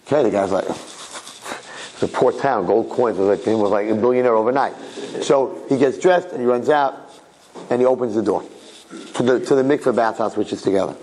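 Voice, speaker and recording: A man's voice: lowish voice, moderate pace, a little mellow, poor audio. Man telling a religious tale. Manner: conversational, repeats phrases, asks the listeners rhetorical questions. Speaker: rabbi giving a Torah talk. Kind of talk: religious storytelling talk.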